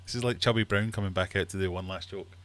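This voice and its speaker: A man hosting a casual livestream from his fish room, chatty and quick to laugh while telling jokes. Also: sits low, fairly even intonation, a bit bright. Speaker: livestream host.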